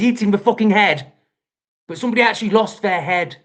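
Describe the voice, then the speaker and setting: A man's voice: high-pitched, lively intonation, moderate pace, fairly bright tone. A man from England with an English accent, ranting angrily and profanely at the critics in his reaction video. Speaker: vlogger. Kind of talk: angry reaction rant.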